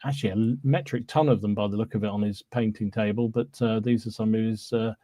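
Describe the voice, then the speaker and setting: A man's voice: fairly low pitch, fairly even intonation, fast, dark tone, no echo. A man co-hosting a casual hobby podcast, chatting loosely with plenty of fillers. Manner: chatty, full of fillers and "there you go". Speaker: podcast co-host.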